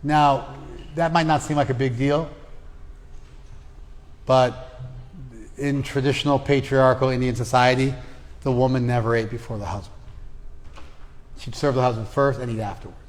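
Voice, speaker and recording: A man with a medium-pitched, fairly even voice speaks at a normal speed, pausing often, as he teaches a spiritual class in a classroom within a hall. In this storytelling lecture, he relates a traditional story casually, adding personal asides, with long hall reverb on the recording.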